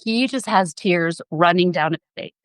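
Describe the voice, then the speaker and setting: A woman's voice: fairly low pitch, normal speed, smooth, no room sound, low-quality recording. A woman physician assistant, a podcast guest, telling a personal story in an earnest, emotional way.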